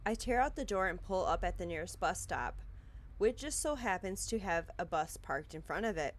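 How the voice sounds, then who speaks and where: A woman's voice: lowish voice, expressive, moderate pace. A woman playing through a visual novel, reading the narration aloud and reacting anxiously, swearing casually. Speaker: game streamer.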